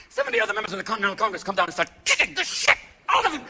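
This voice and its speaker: A man doing a stand-up comedy routine, manic, swinging between shouts and hushed asides, recorded live on stage. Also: sits high, huge pitch swings, rapid-fire, few pauses, slight background noise.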